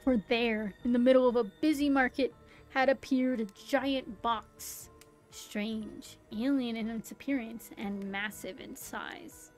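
A woman's voice: a little high, steady tone, measured pace, a little mellow, poor audio. Young woman streamer narrating dramatically. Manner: theatrical narration broken by giggly asides. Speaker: streamer reading game story text. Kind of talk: dramatic read-aloud with asides. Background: faint background music.

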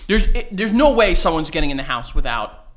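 Young guy podcast host, high bright voice, rambly and profane. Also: big pitch swings, brisk. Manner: rambling, profane, laughing through the story. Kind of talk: casual storytelling chat.

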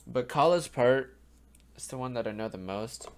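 A man's voice: mid-range voice, expressive, normal speed, clean tone. A young man giving casual, rambling commentary on music for a reaction video, sleepy and yawning, often trailing off into ums and restarts. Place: home room in front of a webcam. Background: faint music playing.

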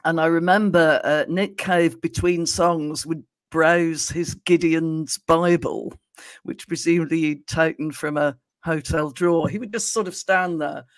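A woman's voice: low voice, steady tone, unhurried, no echo. A woman hosting a podcast, telling anecdotes with frequent laughs and hesitant fillers. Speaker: podcast host. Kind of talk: casual chat.

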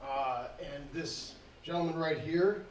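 A man's voice: on the high side, slow pace. A man telling a rambling story to a live audience, laughing and acting out the dialogue. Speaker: event speaker telling a fight story. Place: event hall. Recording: echoey hall, distant mic, faint noise.

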